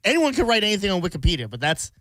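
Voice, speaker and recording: A man in casual radio banter, animated and laughing, reading facts aloud from online lookups. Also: high-pitched, racing, no room sound.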